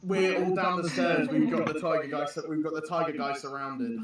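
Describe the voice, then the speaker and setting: A man playing a tabletop game, eager and quick to suggest plans. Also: a little high, steady tone, very echoey, far from the mic, a loud crowd, poor audio. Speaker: player.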